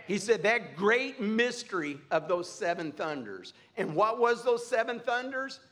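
A man's voice: sits high, sing-song, a little slow, fairly bright tone. A man preaching a sermon, repeating phrases emphatically and building to fervent cries. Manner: preaching with rising fervor, repetitive emphatic phrasing.

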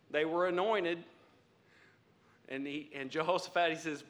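A man preaching a sermon, laughing often and building up to loud exclamations. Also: a little high, expressive, takes it slowly, pauses often. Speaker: pastor.

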